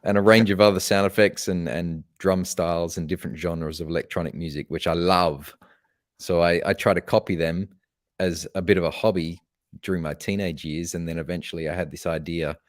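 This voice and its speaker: A man with a very low, deep voice answers interview questions on a podcast. He tells his story in an earnest, measured way. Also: no echo, clean studio sound. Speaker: podcast guest, motivational speaker. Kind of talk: conversational interview.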